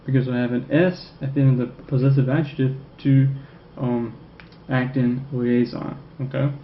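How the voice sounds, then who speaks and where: A man teaching a French grammar lesson, who keeps checking in with "okay?" and repeats French phrases slowly. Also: mid-range voice, flat delivery. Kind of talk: recorded classroom lecture. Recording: echoey room, dull lo-fi sound, faint noise.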